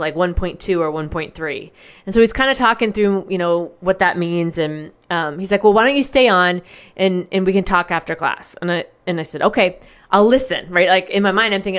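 A woman's voice: on the low side, brisk, smooth. A woman hosting a show, telling a personal story to her listeners in a candid, casual way with lots of fillers and the odd swear word.

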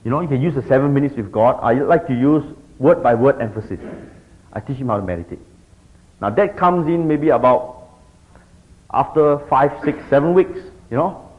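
Lively middle-aged man teaching. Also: medium pitch, moderate pace. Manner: animated, keeps checking in with the audience. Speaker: discipleship teacher. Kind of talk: teaching talk to a group. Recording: dull lo-fi recording.

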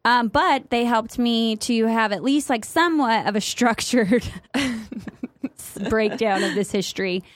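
Young woman podcaster rambling w/ lots of likes, kinda high voice, dry mic. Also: takes it slowly, dry recording. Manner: chatty, lots of fillers and laughter. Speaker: podcast co-host. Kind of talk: casual chat.

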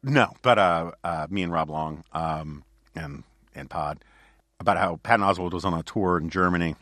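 A man with a fairly low voice hosts a podcast in loose, casual chat. He rambles through anecdotes with plenty of fillers and restarts. The sound is dry and close, with no room echo. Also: normal speed, a bit bright. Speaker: podcast host.

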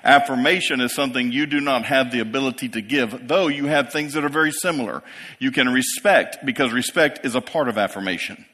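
A man's voice: medium pitch, brisk, sharp tone. A man in his fifties preaching a sermon to a congregation in a church, building to emphatic peaks and checking in with the listeners. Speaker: pastor. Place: church sanctuary. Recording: long reverb of a large hall.

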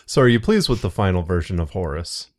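Low-voiced man hosting a casual chat. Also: very animated, brisk. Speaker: podcast host and author.

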